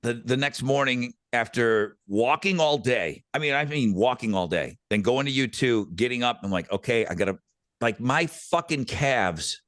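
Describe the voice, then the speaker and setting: A man in his fifties who tells stories in casual podcast chat. His pitch swings widely as he gets into a tale, he swears freely and trips over his own restarts. The sound is dry and close to the mic. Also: moderate pace, dry recording. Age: 50s. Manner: storytelling, animated, swearing, stammering restarts. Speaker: podcast co-host.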